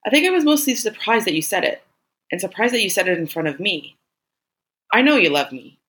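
Woman reading as a quiet, steady man. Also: mid-range voice, brisk, voice pushed up. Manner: quiet, gentle. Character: man, steady caring partner.

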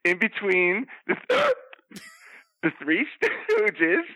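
A man's voice: high voice, wildly swooping pitch, very slow, creaky, bright, forceful tone, no room sound, heavily acted, low-quality recording. A man voicing a flustered, bawdy old Southern belle who keeps gasping with hiccups as she rambles through scandalous gossip. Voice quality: gasping hiccups between phrases. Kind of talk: comedic character bit.

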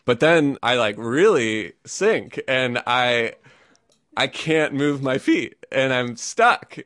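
A man's voice: mid-range voice, expressive, slow pace, fairly bright tone, no room sound, clean studio sound. A man telling a personal story to a live audience, chatty and self-amused, laughing often and peppering his speech with fillers.

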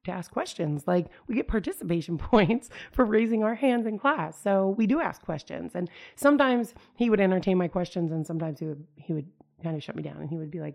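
Low, gravelly American woman telling a story. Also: fairly quick, a little mellow. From United States. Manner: conversational, many fillers like "like" and "you know". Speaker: storyteller recounting family life. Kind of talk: personal storytelling.

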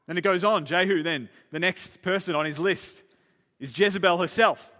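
Male pastor, fairly high, bright, casual storytelling sermon, big hall reverb. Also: normal speed. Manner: lively storytelling, casual asides, frequent repeats. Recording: long church-hall reverb.

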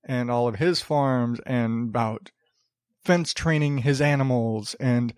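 A man's voice: medium pitch, takes it slowly, darkish tone, smooth, dry recording, clean studio sound. A man hosting his own podcast, rambling casually with lots of fillers, restarts and swearing. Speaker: podcast host. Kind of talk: casual solo podcast chat.

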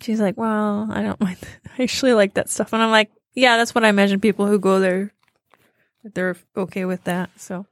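A woman co-hosting a podcast, telling stories in a rambling, halting casual chat. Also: mid-range voice, flat delivery, dry recording, clean studio sound. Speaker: podcast co-host.

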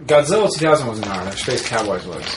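A man co-hosting a casual podcast who talks in rambling, excitable bursts and swears freely. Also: lowish voice, fast, reverberant, background noise. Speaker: podcast co-host. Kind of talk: casual chat.

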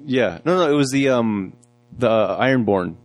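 A man's voice: medium pitch, lively intonation, normal speed, no room sound. A man co-hosting a casual film review chat, easygoing, often stumbling and restarting as he talks. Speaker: podcast co-host reviewing a film.

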